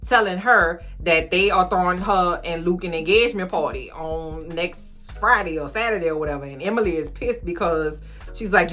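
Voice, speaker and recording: Young woman, sassy slangy storyteller, casual film recap, soft music underneath. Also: on the low side, moderate pace. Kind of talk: casual comedic movie recap.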